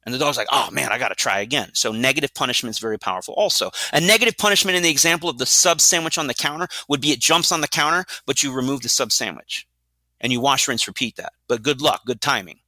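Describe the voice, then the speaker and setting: Bright-voiced, blunt male dog trainer. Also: mid-range voice, fast, dry recording. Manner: energetic, blunt, asks rhetorical questions. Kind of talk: explanatory interview talk.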